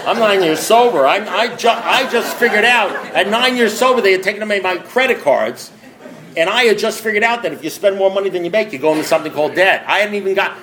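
A man's voice: sits high, lively intonation, fast, crowd noise. A man speaking at a recovery meeting, telling his story with wry, self-mocking humor and emphatic, repeated build-ups. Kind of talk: storytelling talk.

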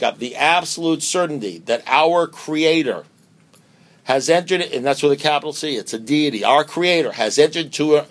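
Emphatic man preaching at a recovery meeting. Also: on the high side. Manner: emphatic, preacher-like, full of rhetorical questions; wide swings between loud and hushed delivery. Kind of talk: speaker talk at a recovery meeting.

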